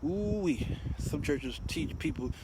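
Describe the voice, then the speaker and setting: A man, hosting his own show, tells a story by phone and acts out both sides of the conversation. His voice sits a bit high for a man. A faint hiss of ambience runs underneath. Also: expressive, slow pace. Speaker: host. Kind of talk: casual live-stream storytelling. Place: outdoors in the rain, then in a car.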